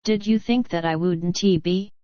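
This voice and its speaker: A tough, guarded young man who gives short, noncommittal replies, as a woman narrator voices him in an audiobook. The voice is low and smooth. The studio sound is dry. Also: a little slow, no echo, dull audio, lightly acted. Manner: curt, noncommittal.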